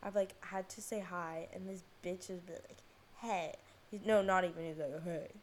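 Her voice sits on the low side, steady in tone and brisk, with slight background noise as she records her solo podcast on her phone at home. The young woman rambles casually, pokes fun at herself, and swears often. She says "like" nonstop, jumps around between topics, and forgets where she was going.

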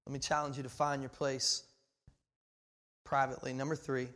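A man in his forties preaching a sermon, passionate and full of restarts, swinging between loud emphasis and quiet asides. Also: mid-range voice, little pitch movement, normal speed. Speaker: pastor.

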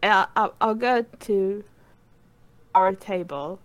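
A woman playing a tabletop game, playful and halting as she describes her moves. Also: medium pitch. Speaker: player. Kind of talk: tabletop role-play.

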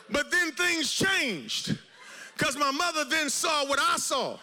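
Man, pastor, sermon, very high voice, sharp bright tone, impassioned preaching, rhythmic repetition. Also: very animated, takes it slowly, a little hiss or hum. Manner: impassioned preaching, swinging from shouts to hushed low tones.

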